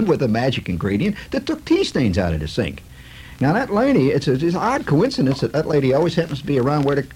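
A man's voice: mid-range voice, a little hiss or hum, low-quality recording. A man in a comic monologue, telling stories with sarcasm and lots of fillers. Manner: animated, sarcastic storytelling with many fillers.

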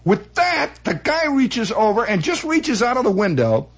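A man telling comic stories in a rambling, animated way, full of restarts and acted-out voices. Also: very high-pitched, normal speed, slightly rough. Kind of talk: comic storytelling monologue.

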